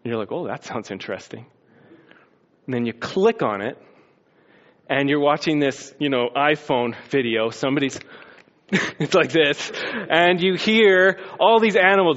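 A man delivers a sermon, acting out the story with sound effects and swings of energy. His voice sits a little high. The recording sounds muffled and lo-fi. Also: a little slow, long pauses. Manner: animated storytelling, acts out scenes with sound effects. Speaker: pastor.

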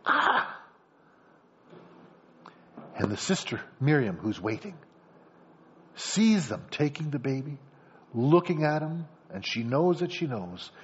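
A man's voice: fairly high pitch, a little slow, slight background noise. A man preaching a sermon, acting out a story scene by scene and calling on the congregation. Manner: animated, acts out scenes, addresses congregation. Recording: dull lo-fi sound.

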